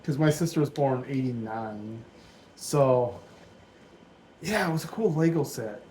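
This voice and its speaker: Man in his forties, relaxed build-along vlogger, chatty and meandering, average-pitched voice, dim room at home. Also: a little slow, a little hiss or hum, rough recording. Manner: rambling, thinking aloud, easygoing. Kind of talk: casual build commentary.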